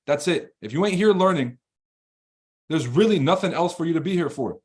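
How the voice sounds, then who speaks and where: A man's voice: fairly high pitch, husky. A man hosting a live trading stream and reading chat, talking in a blunt, profane, combative way. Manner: fast, rambling and animated when ranting. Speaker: livestream trading host.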